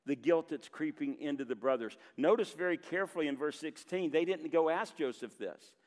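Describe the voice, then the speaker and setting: Male pastor preaching earnestly, voice a touch high, long hall reverb. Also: a little mellow. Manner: earnest preaching, reading scripture aloud with pauses and emphasis. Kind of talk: sermon. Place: church sanctuary.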